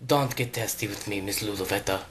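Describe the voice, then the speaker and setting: A man's voice: on the low side, fairly quick, a bit bright, a little hiss or hum, lightly acted. A man voicing a self-important fairy godmother woman who scolds in a formal tone. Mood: scolding.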